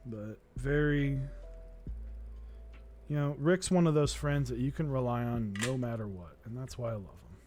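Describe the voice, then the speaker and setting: A man chats casually while he hosts a live stream, his voice sitting at an ordinary middle pitch. He rambles through stories with restarts and stops to greet the people in the chat. Faint music plays softly behind him. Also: moderate pace. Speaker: keyboard-building streamer.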